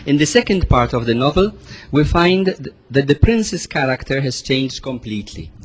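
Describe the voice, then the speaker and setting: A man's voice: medium pitch, big pitch swings, moderate pace, slight background noise. A man giving literary commentary as a lecturer, explaining and addressing listeners directly.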